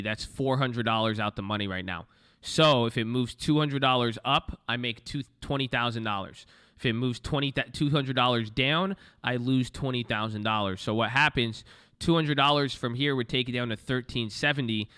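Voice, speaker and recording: A man's voice: medium pitch, normal speed, bright, forceful tone, clear, resonant tone. A young man trading stocks on a livestream, talking bluntly to his chat and swearing freely. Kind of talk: casual livestream commentary.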